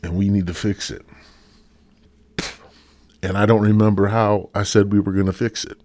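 A man with a lowish, slightly mellow voice speaks at a moderate pace in a level tone. Hosting his own podcast alone, he rambles through a rant, swearing constantly, sighing and feeling a little sick as he talks.

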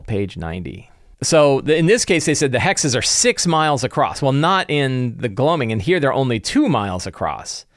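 A man's voice: mid-range voice, no room sound, studio quality. A man who runs tabletop games, thinking aloud about his prep in a loose, conversational way. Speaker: game master. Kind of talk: casual solo game-prep talk.

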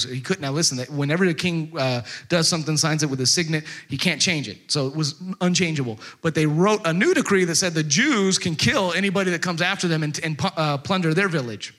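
A man preaching a sermon, retelling a story in a lively, conversational way with casual fillers. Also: fairly high pitch, brisk, few pauses.

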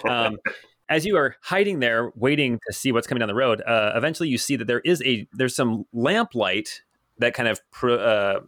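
A man's voice: medium pitch, lively intonation, normal speed, fairly bright tone, dry recording. Dry-sounding man running a tabletop game. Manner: rambling, self-correcting descriptions. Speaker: game master.

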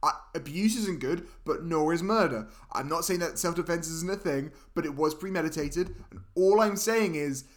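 High-voiced man, sarcastic podcast co-host. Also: normal speed, hardly any pauses. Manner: incredulous, sarcastic asides. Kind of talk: casual film recap chat.

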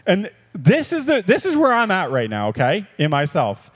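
A man preaching a sermon as a pastor, animated and repetitive, moving between quiet reflection and bursts of excitement. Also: sits high, normal speed, slightly rough. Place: church hall. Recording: long reverb of a church hall.

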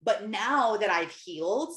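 A woman's voice: medium pitch, expressive, a little slow, a bit bright. A woman in her thirties telling her faith story in casual, rambling talk, full of "like". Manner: rambling, heavy use of "like". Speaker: speaker sharing a faith testimony. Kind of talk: casual personal testimony. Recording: roomy echo.

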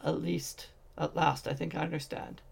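A man's voice: on the high side, level tone, moderate pace, gravelly, slightly rough, heavily acted. A man voicing a grieving ancient male wizard, speaking in a subdued, sorrowful way. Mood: somber.

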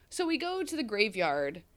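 A woman's voice: mid-range voice, huge pitch swings, takes it slowly. Playful woman podcast co-host. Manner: jokey, playful, acts out characters in funny voices. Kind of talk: casual chat recap.

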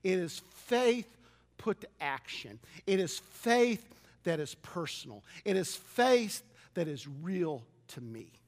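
A man's voice: sits high, very animated, slow, big-room sound. A man preaching a sermon as pastor, earnest, often restarting his words and asking the congregation to repeat lines after him.

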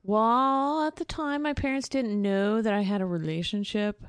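A woman's voice: medium pitch, moderate pace, no echo, clean studio sound. Earnest woman explaining as a guest. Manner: earnest, explanatory, with frequent fillers. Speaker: interview guest. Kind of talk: casual interview.

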